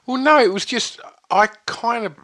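A man co-hosting a casual podcast chat, speaking haltingly with many restarts and some swearing. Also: extremely high pitch, animated, sharp tone.

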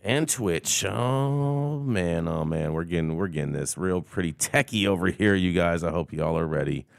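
Energetic low-voiced male show host. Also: creaky, smooth, no room sound, studio quality. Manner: energetic, playful banter with drawn-out exclamations. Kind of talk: lively news-show hosting.

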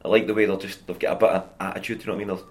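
A Scottish man in his thirties, a comedian and podcast guest, telling chatty, animated anecdotes in a casual way. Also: fairly low pitch, very fast. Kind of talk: casual storytelling.

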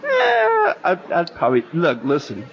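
A man's voice: fairly high pitch, moderate pace, crowd noise. A man co-hosting a podcast, earnestly making his point in casual chat. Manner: earnest, explains a point with restarts. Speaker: podcast co-host. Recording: dull lo-fi audio.

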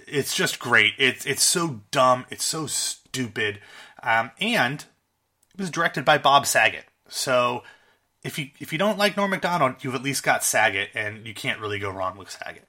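Man, casual co-host, enthusiastic, very bright tone. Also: medium pitch. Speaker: podcast co-host. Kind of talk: casual chat about comedy films.

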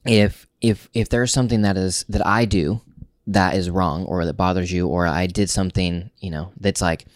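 A man in a casual couples chat, speaking haltingly with restarts and uneven pace. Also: low voice, steady tone, no echo, studio quality. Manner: halting, restarts words, speeds up and slows down.

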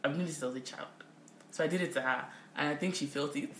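Low-voiced woman telling stories. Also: fast. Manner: animated storyteller, quotes people in voices. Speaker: podcast co-host. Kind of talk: casual chat. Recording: roomy echo.

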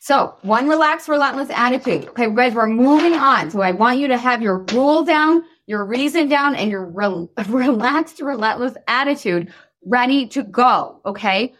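A woman in her thirties coaching listeners in a casual, chatty talk, animated and full of fillers. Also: fairly high pitch, moderate pace. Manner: breaks into voices for quotes. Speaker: weight-loss coach.

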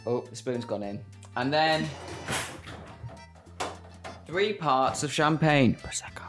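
In casual podcast talk from his home kitchen, a somewhat hungover co-host walks through a cocktail recipe while making it. His slightly high, bright voice has lively intonation and takes things slowly, with faint music behind.

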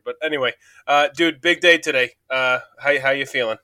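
A man co-hosting a podcast, easygoing and quick to joke at his own expense. His voice is bright and forward. The studio mic catches it close and dry, with no room around it. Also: medium pitch, smooth, dry recording. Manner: chatty, jokey, self-deprecating. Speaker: podcast co-host. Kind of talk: casual chat. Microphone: studio microphone.

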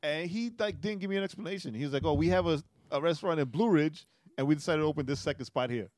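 A young man from Puerto Rico co-hosting a podcast, telling family stories in a lively, laughing way. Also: on the high side, fast, no room sound. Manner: animated storyteller, laughs often. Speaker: podcast co-host. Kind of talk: casual chat.

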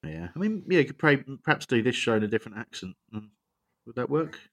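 A man's voice: mid-range voice, sing-song, fast talker, a bit bright. A man hosting a podcast panel, jokey and rambling, often laughing at himself. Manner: jokey, rambling, self-deprecating. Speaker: podcast host. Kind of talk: casual chat.

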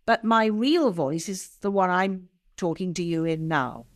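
An older woman with an upper-class English accent and very precise, crisp diction, talking as an interview guest. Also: lowish voice, lively intonation, measured pace. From England. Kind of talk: conversational interview.

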